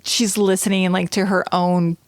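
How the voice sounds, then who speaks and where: A woman's voice: on the low side, no echo. A woman co-hosting a podcast, chatting casually and animatedly about a TV episode. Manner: animated, chatty, quick laughs. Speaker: podcast co-host. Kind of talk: casual chat recapping a TV episode.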